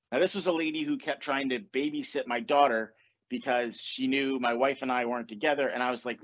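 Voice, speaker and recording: A man hosting a podcast, telling a story in casual chat, animated and swearing as he acts out what people said. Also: mid-range voice, a little fast, muffled recording. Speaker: podcast host.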